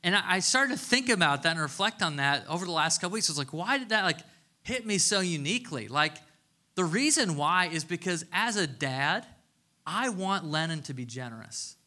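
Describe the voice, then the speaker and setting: A man in his thirties preaches in a relaxed, conversational way, telling stories with a playful sense of humor. His voice sits a little high for a man. It has a bright, forceful edge. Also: normal speed. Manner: casual, chatty storytelling with playful humor. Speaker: pastor. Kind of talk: conversational sermon.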